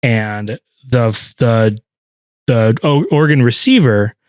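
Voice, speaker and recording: A man's voice: medium pitch, takes it slowly, dry recording, clean studio sound. Easygoing man podcast co-host. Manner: easygoing, laughs often, lots of fillers. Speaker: podcast co-host, wedding videographer. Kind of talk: casual chat.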